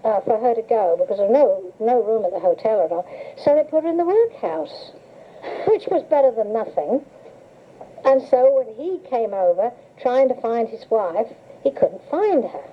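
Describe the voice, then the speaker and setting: A woman's voice: fairly high pitch, expressive, normal speed. An older woman reminiscing in a chatty, storytelling way and laughing often while she is interviewed. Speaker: interviewee recalling memories. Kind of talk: casual reminiscing. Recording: tinny old cassette tape with hiss.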